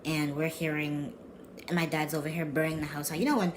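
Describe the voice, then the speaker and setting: A man's voice: on the high side, level tone, fairly quick, background noise. A young man vlogging, telling a personal story in a rambling, slangy way, restarting and repeating himself. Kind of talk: casual storytelling vlog.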